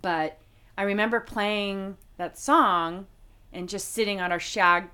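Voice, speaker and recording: A middle-aged woman from Las Vegas, a guest telling a personal faith story in a heartfelt, halting way with many fillers. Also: mid-range voice, bright, forceful tone, clean tone. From Las Vegas, United States. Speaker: interview guest. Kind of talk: personal faith testimony in conversation.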